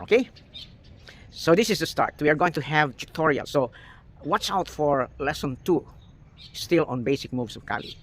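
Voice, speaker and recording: A man's voice: fairly high pitch, slight background noise. A man with a Filipino accent explaining martial arts terms in a casual tutorial, often checking in with "okay?". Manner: explanatory, repeats words, frequent "okay?".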